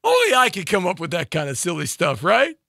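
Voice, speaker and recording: Animated, joking, high-voiced male host. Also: fairly quick, vocal fry, no room sound, studio quality. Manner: rambling, joking, laughs at his own gags. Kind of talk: live show chat.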